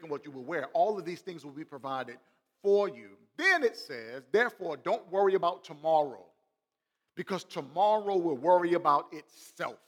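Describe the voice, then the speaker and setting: A man's voice: fairly high pitch, fairly bright tone, slightly rough. Man preaching a sermon in a reverberant hall. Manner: preaching with sudden swells and drops in volume; talks straight to the congregation, asking questions. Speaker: pastor.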